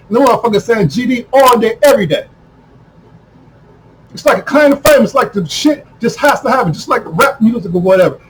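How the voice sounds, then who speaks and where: A man delivering a heated, profane monologue to camera, repeating himself and breaking into shouts. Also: very high-pitched, a little hiss or hum, rough recording. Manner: heated, repetitive, swears constantly, bursts into shouting. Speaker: video commentator.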